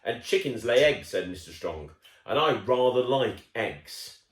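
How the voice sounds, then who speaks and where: A man reads a picture book aloud to a young listener, his voice bouncing up and down with lively intonation. He is playful and chatty, stopping for asides. The sound is roomy and echoey. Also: medium pitch, measured pace. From United Kingdom. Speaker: children's storyteller. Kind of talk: reading a picture book to a child.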